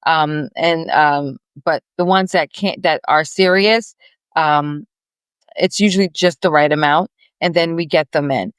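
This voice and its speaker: A woman's voice: low-pitched, measured pace, clear, resonant tone, no echo. A woman guest on a business podcast, chatting in a rambling, friendly way with many restarts. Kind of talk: casual interview chat.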